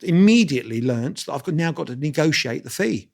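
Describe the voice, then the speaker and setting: A man, telling lively anecdotes as an interview guest and restarting his sentences often. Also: a little high, brisk, vocal fry. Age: 60s. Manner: animated anecdotes with quoted voices and restarts. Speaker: guest photographer. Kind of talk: storytelling interview.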